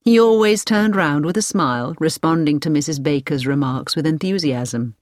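A woman reading a story aloud as a narrator, clear and measured. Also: deep voice, darkish tone, dry recording, studio quality. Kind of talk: scripted audiobook narration.

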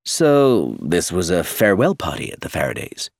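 A confident, teasing young man with a low, husky voice, as a narrator plays him. His pitch rolls up and down freely, and the sound is close and dry. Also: huge pitch swings, normal speed, no room sound, heavily acted. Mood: wry. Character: charming self-assured young man, teasing.

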